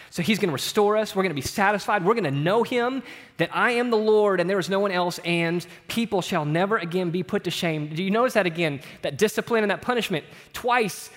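Middle-aged male pastor, conversational sermon delivery, a touch high, in a reverberant sanctuary. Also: brisk, hardly any pauses. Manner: conversational preaching, tag questions, swings from loud to hushed. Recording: long hall reverb.

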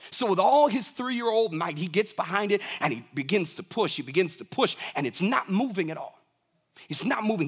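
A young adult man preaching a sermon as a pastor, moving from soft, low asides to raised, emphatic lines.

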